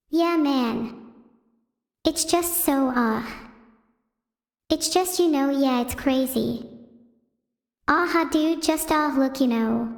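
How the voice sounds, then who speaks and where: A woman's voice: sits high, full character voice. Synthetic woman doing a rambling male streamer. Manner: rambling, filler-laden bursts. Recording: roomy reverberant sound.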